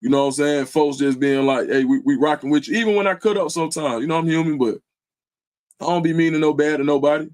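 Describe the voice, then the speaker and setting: A man's voice: a little high, quick pace, darkish tone. Man talking earnestly on a livestream. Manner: earnest and loose, full of slang fillers. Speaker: livestream host. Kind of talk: casual heartfelt livestream talk.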